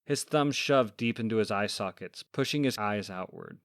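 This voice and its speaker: A man narrating a first-person horror fable in a measured, deadpan, scripted way as host of a story podcast. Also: fairly low pitch, vocal fry, clear, resonant tone, dry recording, clean studio sound.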